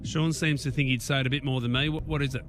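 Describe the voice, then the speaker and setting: A middle-aged Australian man co-hosting a breakfast radio show, chatty and jokey in quick banter. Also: mid-range voice, fairly even intonation, fairly bright tone.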